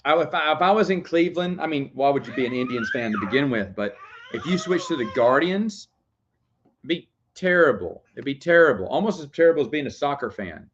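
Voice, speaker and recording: A man's voice: fairly high pitch, lively intonation, quick pace, slight background noise. A young man chatting casually on camera, rambling, laughing often and breaking off to talk to his baby. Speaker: vlogger. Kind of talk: casual chat. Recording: dull lo-fi sound.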